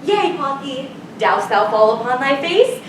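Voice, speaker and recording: A woman's voice: high voice, sing-song, a little slow, recorded from a distance, noisy background. A woman playing a bawdy, chattering old nurse who rambles and giggles, acting live on a theater stage. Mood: chatty. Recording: roomy stage sound from afar.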